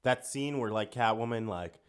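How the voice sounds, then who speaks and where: A man co-hosting a podcast in casual chat, animated and swearing freely. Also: mid-range voice, normal speed, smooth. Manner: animated and profane. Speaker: podcast co-host.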